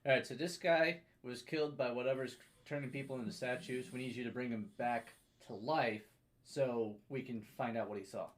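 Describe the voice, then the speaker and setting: A man's voice: medium pitch, normal speed. A man playing a tabletop game, speaking directly and getting to the point. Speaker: player. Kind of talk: casual tabletop game chat.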